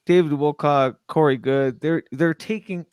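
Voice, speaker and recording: A man's voice: fairly high pitch, darkish tone, smooth, no room sound. Rambling man, dry close sound. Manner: rambling and halting, apologetic. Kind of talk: casual chat.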